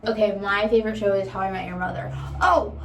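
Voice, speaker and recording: A woman's voice: mid-range voice, level tone, rapid-fire, a little hiss or hum. Young woman, casual vlog chat, rambling, candid, sweary, roomy echo, distant mic. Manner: rambling, candid, swears freely, trails off into whispers. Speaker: vlogger.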